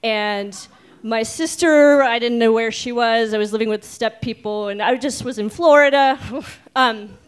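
A woman's voice: a little high, measured pace, smooth. A woman in her forties from Oregon telling a personal story live on stage, chatty and self-mocking, with many ums. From Oregon, United States. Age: 40s.

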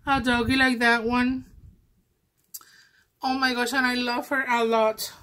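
A woman who is not an English speaker, gushing and exclaiming as she unboxes a gift swap, with many pauses and fillers. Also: high-pitched, level tone, pushed and bright. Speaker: crafting vlogger.

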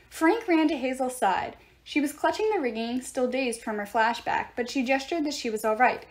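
A woman reading a novel aloud in an expressive storytelling way. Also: sits high. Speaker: book reader.

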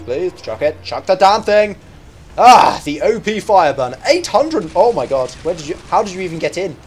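A young man giving live gameplay commentary as a gaming YouTuber, excitable, yelping and shouting at the game. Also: on the high side, a little hiss or hum.

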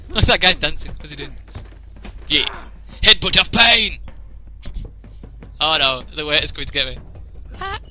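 Jokey young Englishman narrating gameplay. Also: on the high side. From England. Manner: jokey, laughs often, reacts loudly. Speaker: let's play commentator. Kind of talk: casual gameplay commentary.

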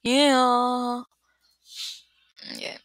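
A woman's voice: on the high side, level tone, drawn-out words, a bit bright, no room sound. A young woman rambling casually to her webcam at home, giggling, losing her train of thought and restarting. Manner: giggly, scatterbrained, trails off and restarts. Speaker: vlogger answering would-you-rather questions. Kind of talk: casual rambling chat to camera. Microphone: built-in computer webcam mic.

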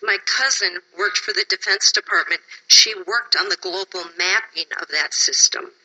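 A woman's voice: medium pitch, normal speed, sharp tone, rough recording. A woman from Wisconsin giving emotional, insistent public testimony at a hearing, sounding tired.

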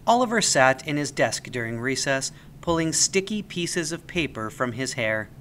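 A man reading a children's story aloud as the storyteller, with an expressive, animated delivery. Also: medium pitch, moderate pace, a little hiss or hum.

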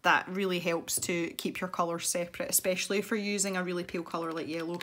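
A woman with a Scottish accent and a slightly low voice talks her viewers through her painting in a relaxed, meandering way. She thinks aloud and drifts happily into side stories. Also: fast talker, a little hiss or hum. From Scotland. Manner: chatty, thinks aloud, rambling asides. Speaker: art channel host. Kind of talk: casual chat while painting.

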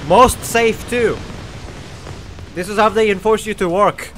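High-voiced male streamer with a cold. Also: measured pace, bright, forceful tone, faint music behind. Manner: giddy, joking, swears often. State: has a cold. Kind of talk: live gameplay commentary.

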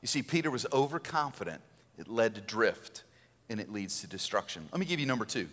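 A male pastor giving an Easter sermon in a church, conversational and animated, acting out quotes. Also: lowish voice, fairly quick. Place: church sanctuary. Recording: church hall reverb.

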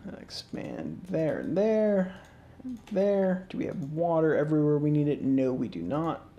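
Sleepy, mellow-voiced man explaining his game. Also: fairly high pitch, moderate pace, dull audio. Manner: relaxed, rambling, many fillers and restarts. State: sleepy, yawning. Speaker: gaming channel host. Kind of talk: casual let's-play commentary. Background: faint game music.

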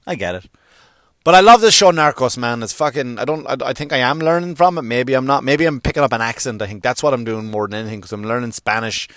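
Animated man doing stand-up. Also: no echo, clean studio sound. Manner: animated, swearing, acts out characters with sudden pitch jumps. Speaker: stand-up comedian. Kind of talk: stand-up comedy monologue.

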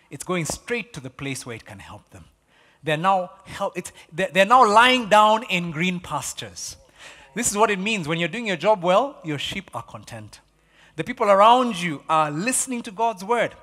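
A man delivers a sermon with a high, bright voice, animated and emphatic. He repeats key phrases for effect, swinging from loud to hushed. The sound carries the long reverb of a church hall. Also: moderate pace. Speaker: pastor.

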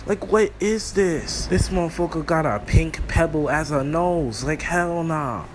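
A man's voice: a little high, measured pace, a little hiss or hum. A young man doing a profane comedic roast of cartoon characters, crude and mocking. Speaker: roast video host.

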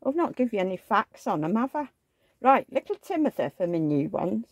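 Woman vlogger, chatty and rambling, coos at dolls; gravelly voice with a lively, swooping pitch. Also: moderate pace, no room sound. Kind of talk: casual chat.

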